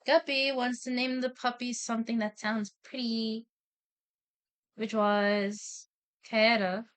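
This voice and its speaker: Woman streamer rambling through a story, lotsa "and then"s and swearing, kinda high, super clear voice. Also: flat delivery, slow pace, fairly bright tone. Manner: rambling, repeats "and then", swears, laughs often. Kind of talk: casual storytelling chat.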